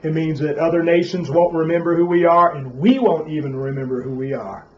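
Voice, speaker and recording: A man's voice: a little high, a little fast, dull audio, slight background noise. A man teaching a Sabbath Bible class in a preachy way, often saying "Praise Yah" and asking rhetorical questions.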